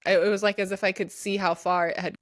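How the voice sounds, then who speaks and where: A woman's voice: mid-range voice, flat delivery, fast, no room sound, studio quality. A woman co-hosting a podcast, telling a story in a casual, rambling way with lots of restarts. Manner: chatty, rambling with many restarts and "like". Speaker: podcast co-host. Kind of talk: casual chat.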